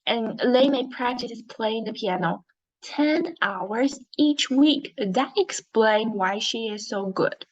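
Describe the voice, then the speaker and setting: Slow, patient woman teaching reading. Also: on the high side, lively intonation, dull audio. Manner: slow, patient, encouraging, modelling expression. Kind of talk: online English reading lesson for young learners.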